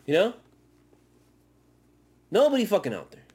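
Profane, excitable male sports podcaster. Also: sits high, a little slow, slightly rough. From Miami area. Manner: profane, excitable, swings between shouting and muttering. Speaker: podcast host. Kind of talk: fan commentary rant.

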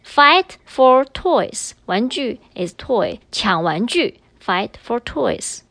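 Lively patient woman teaching grammar. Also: on the high side, slow pace, dry recording. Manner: patient, switches between English and Chinese. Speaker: language teacher. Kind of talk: explaining grammar in a recorded lesson.

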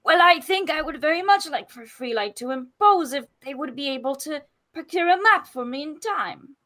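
A woman's voice: sits high, animated, normal speed, pushed and bright. A woman voicing a polite, flustered traveling creature who stammers and speaks with old-fashioned courtesy in a tabletop role-play game. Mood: earnest.

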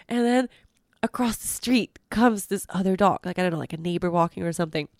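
A woman's voice: medium pitch, level tone, quick pace, no echo. A young adult woman hosting a podcast, telling a story in a rambling way with many fillers and frequent laughs. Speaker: podcast host. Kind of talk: casual storytelling.

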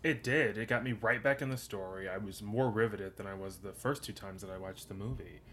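A man's voice: on the low side, brisk, a bit bright, slight background noise. Guy cohosting a movie podcast, dry humor, rambles with lots of ums. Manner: dry teasing, rambling with fillers. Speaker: podcast co-host. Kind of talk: casual movie podcast chat.

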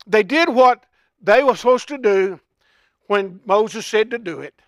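An older man preaching a folksy, impassioned sermon that swells into shouts. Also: high-pitched, animated, measured pace, no room sound, studio quality.

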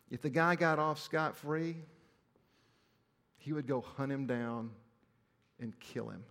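A man preaching a sermon as a pastor, telling stories in an animated way, often restarting and repeating phrases. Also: medium pitch. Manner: animated storytelling with frequent restarts and repetition. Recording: long reverb of a large hall.

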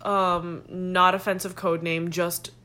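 A woman's voice: on the low side, slow pace. Giggly young woman telling a story. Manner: giggly, animated, quoting others in put-on voices. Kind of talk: casual storytelling chat.

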